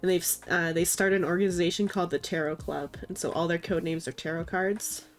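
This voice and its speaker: A woman's voice: lowish voice, steady tone, a little fast. A woman streaming live with a congested, stuffy voice, rambling casually and leaning on filler words. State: congested, sniffling. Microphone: desk microphone, mutes to sniffle.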